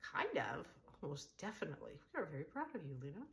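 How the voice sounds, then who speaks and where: A woman voicing a middle-aged man who speaks in a brightly encouraging way. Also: low voice, very animated, fast talker, creaky, full character voice. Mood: cheerful.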